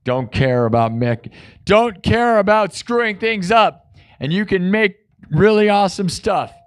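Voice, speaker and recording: Brief: male livestream host, casual, goofy and jokey, reads chat out loud. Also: high voice, animated, a little slow, clean tone. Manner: goofy, joking, reads viewer comments aloud. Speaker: livestream host and improvising musician.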